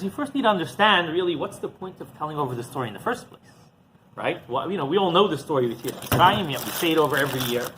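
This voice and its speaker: A man, a rabbi, teaching through an animated story and acting out the dialogue as he goes. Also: sits high, slight background noise, low-quality recording. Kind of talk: storytelling lesson.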